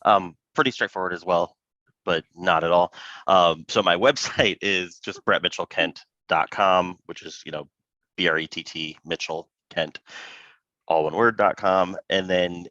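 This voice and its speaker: A man's voice: low voice, fairly even intonation, a little slow, bright, forceful tone, no echo, lo-fi sound. A man co-hosting a podcast in casual chat, playful and self-mocking. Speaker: podcast co-host.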